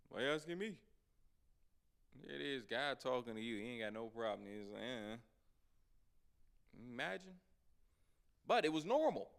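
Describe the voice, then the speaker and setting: A man leads a Bible study in a loose, conversational preaching style. His voice has a gravelly rasp, and he leans hard into his emphatic points while addressing the class as y'all. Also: mid-range voice, a bit bright. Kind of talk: informal sermon teaching.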